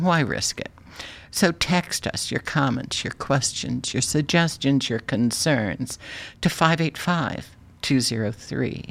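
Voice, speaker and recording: A woman hosting a radio show in a silly, playful way, laughing often between lines. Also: rumbling low.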